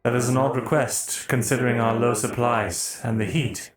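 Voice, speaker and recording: A man's voice: medium pitch, steady tone, moderate pace, close to an everyday voice. A man voicing a formal, literal-minded male synthetic soldier in live role-play, speaking stiffly without contractions. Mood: calm. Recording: roomy echo, faint music.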